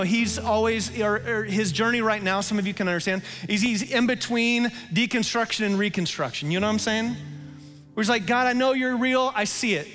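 A male pastor preaching a sermon, telling stories in an animated way and laughing at himself. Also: sits high, long reverb tail.

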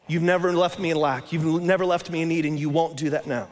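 A man's voice: on the high side, fast talker, few pauses, big-room sound. A man preaching a sermon in a casual, conversational way, often tossing in "man" as he talks. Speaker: pastor.

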